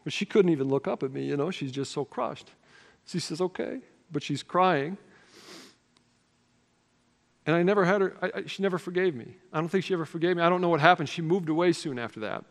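A man's voice: fairly high pitch, a little fast, creaky. Earnest male preacher in a reverberant hall. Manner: earnest, conversational storytelling with filler words. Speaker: pastor. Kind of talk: sermon with a personal story.

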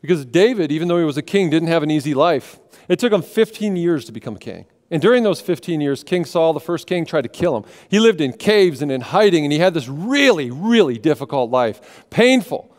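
Pastor guy preaching, slightly high voice, quiet then loud and emphatic, long church-hall echo. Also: lively intonation, brisk, few pauses. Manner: swings from soft and hushed to loud and emphatic. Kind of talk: sermon.

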